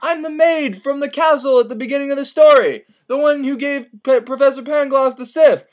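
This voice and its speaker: A man voicing a bitter young woman who complains at a rapid clip about her miserable life. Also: extremely high pitch, steady tone, voice pushed up. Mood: indignant.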